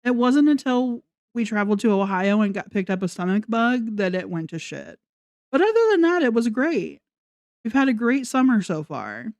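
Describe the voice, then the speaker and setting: A woman's voice: medium pitch, big pitch swings, normal speed, a little mellow, no echo. A woman ranting in a casual commentary vlog, sarcastic and mocking, swearing often. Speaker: commentary vlogger.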